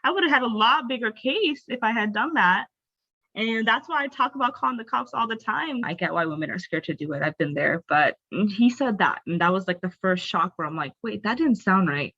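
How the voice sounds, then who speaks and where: A woman's voice: medium pitch, lively intonation, a little fast, pushed and bright. A young adult woman, a podcast guest, telling her personal story candidly and expressively, with lots of "like" fillers. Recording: dull, dry, lo-fi sound.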